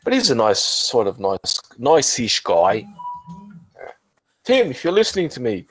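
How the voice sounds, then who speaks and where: A drunk man hosting a channel's group voice call rambles casually, swearing and restarting often. His medium-pitched voice swoops wildly and sounds fairly bright, unhurried and dry, though the recording quality is low.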